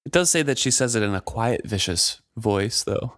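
A man co-hosting a book podcast, reading passages aloud and chatting about them in a measured way. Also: fairly low pitch, expressive, a bit bright, no echo, clean studio sound.

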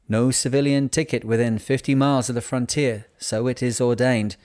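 A man narrating a novel in a measured, unhurried reading voice. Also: medium pitch, fairly even intonation. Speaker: audiobook narrator. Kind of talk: scripted narration.

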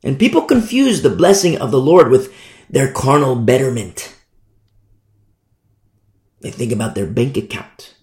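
A man's voice: mid-range voice, animated, measured pace, pauses often, darkish tone. A man preaching a sermon in a fiery, scornful, emphatic manner. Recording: echoey room.

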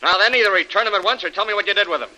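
A hard, threatening villain from a vintage radio serial. He talks in a clipped tough-guy way with a slightly raised pitch and a very bright, cutting tone, leaning on every menace. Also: racing, rough recording. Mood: menacing. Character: menacing male villain with a bullwhip. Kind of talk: 1940s radio acting.

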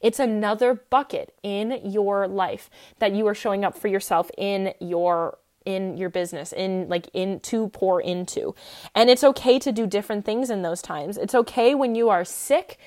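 A woman's voice: medium pitch, moderate pace. A young woman hosting her own podcast, talking casually and very expressively with lots of fillers. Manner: expressive, animated, many fillers. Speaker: podcast host. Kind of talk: casual solo podcast talk.

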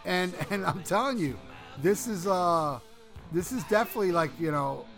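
A man with a slightly high voice rambles through a crude anecdote in loose, filler-heavy casual talk. Music plays clearly behind him. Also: animated, normal speed, a bit bright. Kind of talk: casual chat.

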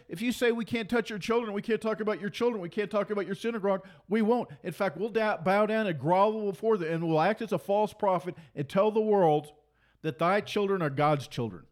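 A man's voice: high-pitched, brisk. A man preaching an impassioned monologue, fiery and mocking, hammering points through repetition. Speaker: Christian preacher and commentator.

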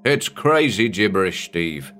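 A man's voice: deep voice, very animated, measured pace, fairly bright tone, soft background music, heavily acted. A man voicing a frightened, jittery male ship's mate who protests in an agitated, hysterical way. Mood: uneasy. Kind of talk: audiobook character reading.

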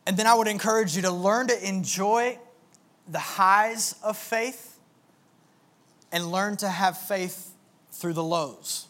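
Young male pastor with a high voice; conversational, earnest sermon delivery. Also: slow, long pauses, fairly bright tone. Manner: conversational, earnest, with filler words.

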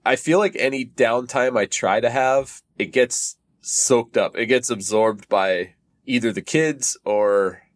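A man's voice: mid-range voice, unhurried. A man chatting casually as a podcast guest, laid-back and laughing often. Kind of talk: casual chat. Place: on a train.

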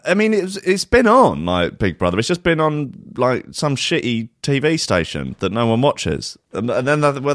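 A man's voice: mid-range voice, no room sound, clean studio sound. A British man hosting a podcast, delivering a sarcastic, rambling comic monologue full of fillers. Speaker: podcast host.

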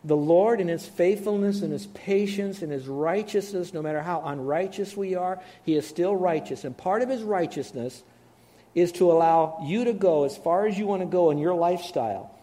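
Man preaching a sermon, lively and emphatic, warm mellow tone. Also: sits high, normal speed. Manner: animated, emphatic, asks the audience to respond.

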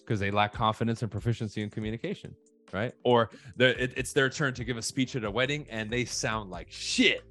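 A man's voice: medium pitch, fairly quick, soft background music. Blunt, profane man chatting on a podcast. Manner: blunt, profane, animated storytelling. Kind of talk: casual podcast chat.

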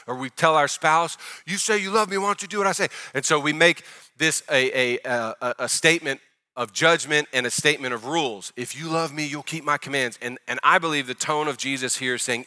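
A middle-aged male pastor preaching a sermon in an animated style, speaking directly to the congregation and acting out the voices he quotes. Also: on the high side.

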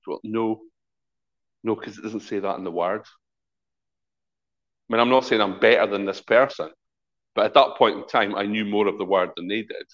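A man's voice: on the low side, normal speed, long pauses, muffled recording. A middle-aged man, a pastor, preaching a conversational sermon and acting out the voices in his stories. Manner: lively, conversational preaching with acted-out quotes.

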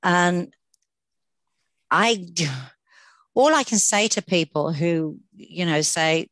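This low-voiced podcast co-host is very animated yet slow, pausing often as she chats earnestly, stumbling through fillers and restarts. The recording carries no room sound.

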